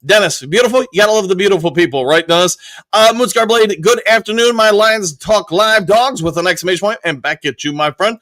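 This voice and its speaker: A man's voice: sits high, fairly quick, a bit bright, no room sound. A male host on a live sports stream, upbeat, reading viewer comments aloud and greeting viewers by name. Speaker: show host.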